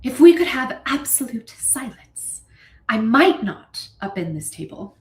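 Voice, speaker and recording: A woman's voice: a little high, big pitch swings, a little slow, recorded from a distance, voice pushed up. A woman putting on a grand British orator. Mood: theatrical. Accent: put-on British. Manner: theatrical dramatic reading. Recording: roomy echo.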